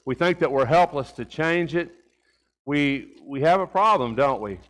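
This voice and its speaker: A man's voice: fairly high pitch, animated, measured pace, fairly bright tone, low-quality recording. A middle-aged man preaching a conversational sermon in a church, folksy, with rhetorical questions and a personal story. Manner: folksy, rhetorical questions, repeats words while talking. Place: church sanctuary.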